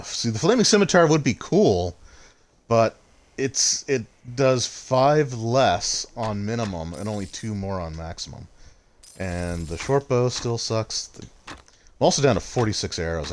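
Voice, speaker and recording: A man's voice: fairly low pitch, a little slow. A man streaming a video game, rambling and thinking aloud as he chats with his viewers. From Canada. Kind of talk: casual gameplay commentary. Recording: loud steady background noise.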